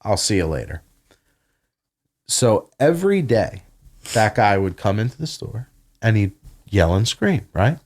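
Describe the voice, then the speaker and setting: A man's voice: on the low side, a little slow, pauses often. Profane man telling a story. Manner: profane, animated retelling with quoted dialogue. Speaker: podcast guest. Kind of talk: casual storytelling. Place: home podcast room.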